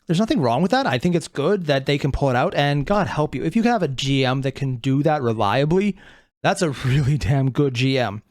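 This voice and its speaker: A reaction video host giving casual commentary, animated, thinking aloud and swearing often. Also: medium pitch, fairly quick, no echo, studio quality.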